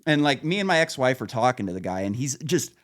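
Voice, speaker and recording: A man's voice: medium pitch, sing-song, fast talker, fairly bright tone. A man hosting a podcast, telling rambling, profane stories in casual chat and laughing at his own punchlines. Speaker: podcast host.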